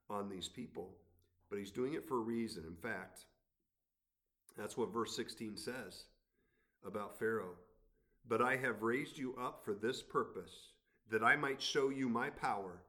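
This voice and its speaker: A man's voice: medium pitch, fairly bright tone. A man teaching the Bible in an earnest, expository way, reading passages aloud and commenting on them.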